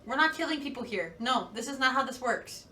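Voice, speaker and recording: A woman playing a tabletop game, animated and quick to laugh while she scolds and questions the others. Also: high voice. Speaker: player. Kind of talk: casual tabletop play. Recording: roomy, distant mic, faint noise.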